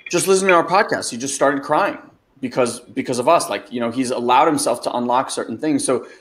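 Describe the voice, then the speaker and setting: A man's voice: mid-range voice, brisk, fairly bright tone, a little hiss or hum. A man hosting a webinar, talking loosely as a life coach and answering a listener's question, with lots of "like" and "you know". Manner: loose, conversational, many fillers like "like" and "you know".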